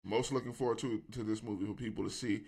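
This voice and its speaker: A man's voice: on the low side, fairly even intonation, fast talker, vocal fry, a little mellow, slightly rough. A man co-hosting a casual podcast, talking in a loose, joking, slangy way. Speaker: co-host.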